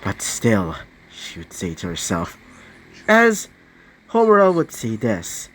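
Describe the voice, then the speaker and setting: A young man casually narrating an improvised fan-fiction story, rambling with many fillers and asides, now and then clearing his throat. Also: medium pitch, huge pitch swings, takes it slowly, fairly bright tone, slight background noise.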